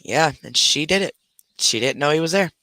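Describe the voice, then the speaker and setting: A man chats casually on his own livestream from his bedroom, telling stories with lots of feeling and breaking off to scold his dogs. His voice is bright and forceful and sits a little high. The sound is dry and close, with almost no room echo. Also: normal speed. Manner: animated storytelling, scolds his dogs mid-stream. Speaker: livestream host. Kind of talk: casual live chat. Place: home bedroom.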